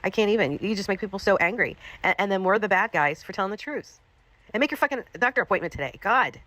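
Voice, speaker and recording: A woman's voice: mid-range voice, expressive, quick pace, fairly bright tone, no room sound. A woman livestreamer scolding someone in a profane, repetitive, angry rant.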